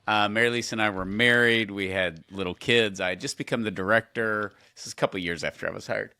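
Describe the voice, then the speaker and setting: Animated man on a dry podcast mic. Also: moderate pace, dry recording. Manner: animated storyteller, jumps in pitch when excited. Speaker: podcast co-host. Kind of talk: casual podcast conversation.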